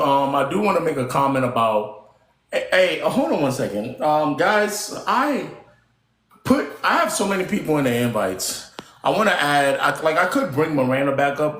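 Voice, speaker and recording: Animated young man hosting a live stream. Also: fairly high pitch, moderate pace, roomy sound. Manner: animated, playfully exasperated, banters with the panel. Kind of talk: casual live-stream chat. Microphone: computer mic at a desk.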